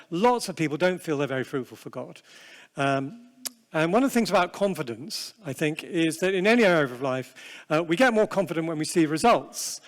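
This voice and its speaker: Guy giving a church seminar talk, slightly high voice, long echo off the hall, chatty and self-deprecating. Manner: conversational, self-deprecating, with fillers and asides. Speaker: seminar speaker. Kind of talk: prayer and sermon-style seminar talk. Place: large convention hall.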